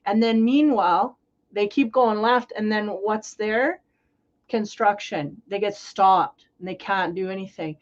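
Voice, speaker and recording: Woman tarot reader, mid-pitched, chatty and meandering, muffled lo-fi sound. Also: unhurried. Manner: rambling, conversational, playful. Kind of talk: casual spiritual reading.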